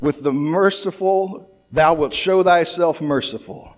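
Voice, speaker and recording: A man's voice: on the high side, unhurried. A man preaching a verse-by-verse sermon, talking it through conversationally with restarts and rhetorical questions. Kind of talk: sermon, verse-by-verse Bible teaching.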